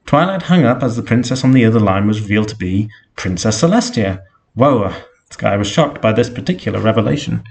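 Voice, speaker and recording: Deadpan story narrator, man, lowish voice. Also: brisk, vocal fry, breathy edge. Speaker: story reader. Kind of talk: reading an absurd fan story aloud.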